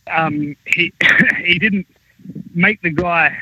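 Man, high voice, husky, swears a lot, rambling animated storyteller, dull lo-fi podcast audio. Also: drawn-out words. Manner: rambling, profane, animated anecdote-telling. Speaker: wrestling talent recounting backstage stories.

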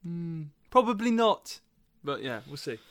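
A man's voice: a little high, sing-song, measured pace, a bit bright. A man hosting a podcast, chatting casually and reading news with a wry manner. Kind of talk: casual chat.

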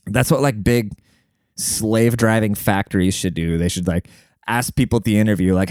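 A man hosting a solo podcast in a brash, rambling, profane way, full of fillers, jumping up in pitch when he quotes people. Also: moderate pace, darkish tone, no room sound, clean studio sound. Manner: jumps high in pitch when acting out quotes. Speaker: podcast host. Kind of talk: casual solo podcast monologue.

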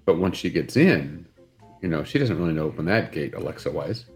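Low-voiced man, hesitant morning show banter. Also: expressive, brisk, a little mellow, faint music behind. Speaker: co-host.

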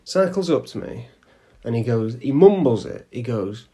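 A man, co-hosting a podcast and telling an anecdote in a casual, animated way. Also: mid-range voice, normal speed, breathy edge. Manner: animated storyteller who acts out shouted quotes. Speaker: podcast co-host. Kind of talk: casual chat, storytelling.

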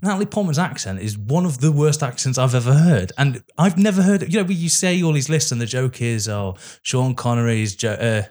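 A man's voice: mid-range voice, lively intonation, a little fast, hardly any pauses, darkish tone. A man in his thirties with an English accent, co-hosting a podcast and ranting animatedly about a film in casual chat, laughing often. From England. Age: 30s. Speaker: podcast co-host.

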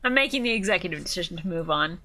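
A woman's voice: on the low side, lively intonation, racing, over a noisy crowd. A woman co-hosting a podcast, chatting casually with an exasperated, sweary manner. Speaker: podcast co-host. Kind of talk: casual chat.

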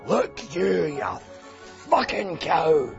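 A man's voice: high voice, big pitch swings, extremely slow, highs cut off, music in the background, exaggerated voice. A man playing a foul-mouthed Scottish man losing patience with a voice assistant, in a Scottish accent. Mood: furious. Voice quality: gravelly, swearing.

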